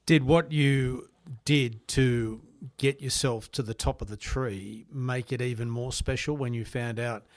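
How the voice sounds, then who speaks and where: A man from Australia hosting a podcast, asking long, measured questions of his guest. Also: medium pitch, fairly even intonation. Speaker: podcast host. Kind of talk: podcast interview.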